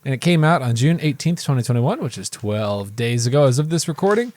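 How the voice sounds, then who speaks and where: A man co-hosting a movie podcast in casual chat, chatty and quick to laugh. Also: medium pitch, animated, a little mellow. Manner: chatty, reads reviews aloud, laughs easily. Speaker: podcast co-host.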